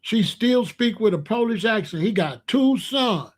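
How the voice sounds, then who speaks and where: Middle-aged guy with a high voice, aave, going on bluntly to his stream chat. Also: expressive, measured pace. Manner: blunt, repetitive, asks the chat questions. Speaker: livestream host. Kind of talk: casual livestream monologue.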